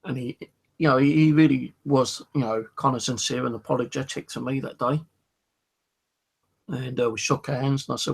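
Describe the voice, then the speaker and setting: A man's voice: medium pitch, fairly even intonation, normal speed, vocal fry, breathy edge. A middle-aged British man telling a personal story in a casual, rambling way, swearing freely and often saying "you know". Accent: British English.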